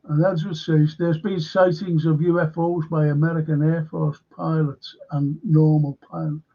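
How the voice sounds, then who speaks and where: A man's voice: on the high side, level tone, normal speed, gravelly, mellow, lo-fi sound. A man hosting a stream, rambling and indignant with heavy swearing. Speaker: host.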